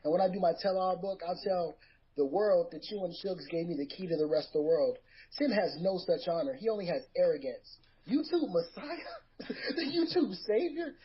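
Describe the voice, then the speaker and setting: A man's voice: a little high, fairly quick. A man as a podcast guest delivering a theatrical, boastful wrestling-style promo over a muffled online call.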